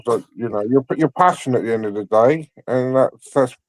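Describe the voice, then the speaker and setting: Man on a fan panel, mid pitch, dry sound, supportive and reassuring. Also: brisk, darkish tone, dry recording. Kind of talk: livestream fan chat.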